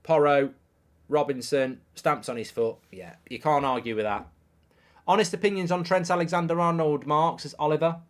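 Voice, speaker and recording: A middle-aged man hosting a live football watchalong, commenting on the match and reading out viewer messages with bursts of excitement. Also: a little high, moderate pace. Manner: excitable, reads viewer messages aloud, repeats himself.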